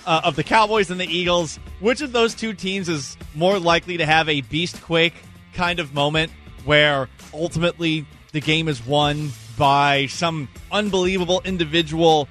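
A man's voice: a little high, normal speed, fairly bright tone, soft background music. A man co-hosting a sports radio show, chatty and enthusiastic in casual analysis.

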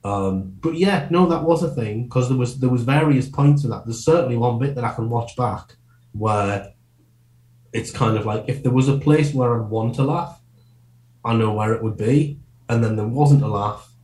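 Fast-rambling comedian in an echoey room. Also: male voice, mid-range voice, darkish tone. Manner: quick, rambling, self-interrupting with many restarts. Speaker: comedian guest. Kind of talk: casual podcast interview.

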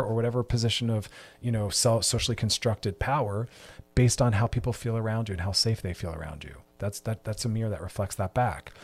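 A man's voice: fairly low pitch, husky. A man hosting a solo podcast, delivering an emphatic, preachy monologue with repeated refrains. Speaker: podcast host.

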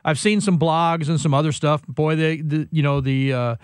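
A man's voice: on the high side, fairly even intonation, normal speed, clear, resonant tone, no room sound, clean studio sound. An older man hosting a sports talk show, chatting and teasing his co-host, with plenty of fillers.

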